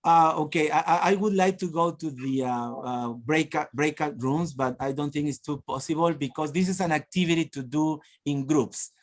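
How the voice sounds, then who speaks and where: A man's voice: fairly high pitch, moderate pace, few pauses. A man from Peru presenting a teacher-training webinar over a video call, encouraging and prompting participants. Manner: encouraging, frequent laughs and prompts. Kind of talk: lively workshop teaching.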